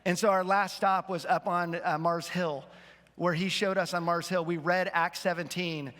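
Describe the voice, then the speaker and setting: A man's voice: high-pitched, fairly even intonation, normal speed, fairly bright tone. A man in his fifties, a pastor telling a self-deprecating story in a sermon to his church. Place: church auditorium. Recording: long hall reverb.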